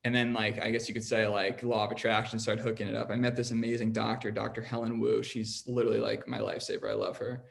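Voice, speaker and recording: On his podcast, a young adult man recounts his own story with earnest, rambling casualness and a heavy habit of saying "like." His gravelly voice sits on the low side, level in tone, and he talks fast with hardly any pauses.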